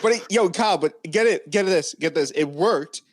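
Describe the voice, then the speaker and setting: A young man hosting a casual comedy podcast, telling self-mocking stories in an animated way. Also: high voice, moderate pace, no room sound, studio quality. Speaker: podcast host.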